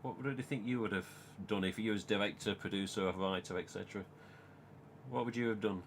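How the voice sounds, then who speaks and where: A man's voice: on the low side, brisk, a little hiss or hum. A man in his forties with an English accent, hosting a casual live-stream chat, swearing often and quoting his own words. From England. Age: 40s. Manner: animated, swears a lot, quotes himself. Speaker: host.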